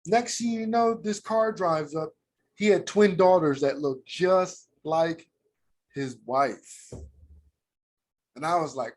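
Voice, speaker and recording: A man's voice: a little high, slow pace, long pauses. American man telling stories casually. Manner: casual, slangy, heartfelt storytelling. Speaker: podcast co-host. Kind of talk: casual storytelling chat.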